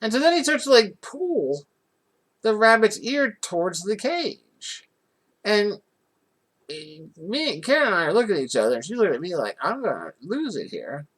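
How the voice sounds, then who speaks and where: A mid-range voice at normal speed carries a vlogger's casual, rambling personal story. The telling is animated, full of restarts, and grows more indignant as it goes.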